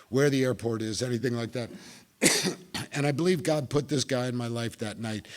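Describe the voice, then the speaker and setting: A middle-aged man from New Jersey with a New Jersey accent, telling his recovery story at a meeting with wry, self-mocking humor. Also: medium pitch. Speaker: speaker sharing recovery story.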